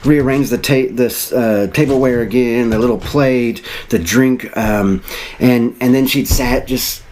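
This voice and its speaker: A man in his thirties tells a personal story at a steady middle pitch. He sounds earnest and reflective, wandering and circling back as he talks. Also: unhurried, slight background noise. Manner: earnest, reflective, rambling with restarts. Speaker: motivational vlogger.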